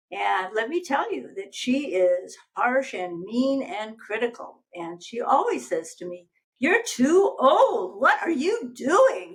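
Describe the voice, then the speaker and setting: A woman's voice: mid-range voice, low-quality recording. An older woman, a life coach, chatting as a guest and telling stories animatedly while acting out voices. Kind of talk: casual interview conversation.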